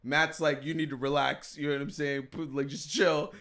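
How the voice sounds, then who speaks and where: Guy on a podcast telling a fight story, kinda high voice, acts out the quotes, laughs a lot. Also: little pitch movement, moderate pace, crowd noise. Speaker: podcast co-host. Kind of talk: casual storytelling chat.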